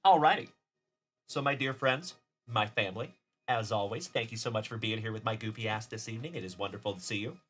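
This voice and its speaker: A man's voice: lowish voice, brisk, fairly bright tone. A middle-aged man from South Texas hosting a casual card-breaking livestream, chatty and upbeat, greeting viewers by name.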